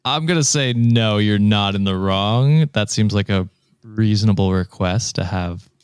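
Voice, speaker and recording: A man's voice: on the low side, unhurried, clear, resonant tone, dry recording, studio quality. A man co-hosting a casual podcast, who talks bluntly, swears freely and reacts with outrage. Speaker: podcast co-host.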